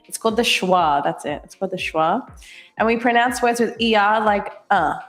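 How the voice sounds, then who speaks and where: A woman's voice: mid-range voice, moderate pace, reverberant, faint music behind. A woman with an Australian accent co-hosting a live stream, chatting casually, laughing often and reading the chat aloud. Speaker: livestream co-host.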